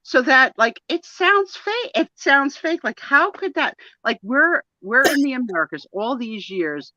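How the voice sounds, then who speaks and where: A woman from the New Jersey and New York area, chatting in a rambling, animated way while co-hosting a live photo sale. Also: sits high, unhurried, no room sound, lo-fi sound. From northeastern US, New Jersey and New York area. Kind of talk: casual live-stream chat.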